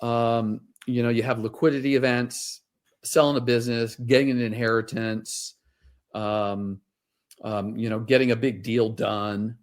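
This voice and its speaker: A man's voice: medium pitch, fairly even intonation, a little slow. A middle-aged man, a wealth advisor, telling stories in a casual interview, rambling with many fillers.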